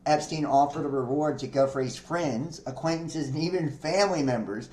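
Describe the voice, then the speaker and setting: A man's voice: fairly high pitch, normal speed, darkish tone. A man hosting a podcast, reading news articles aloud and breaking off into profane, chatty commentary with frequent laughs. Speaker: podcast host. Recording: echoey room.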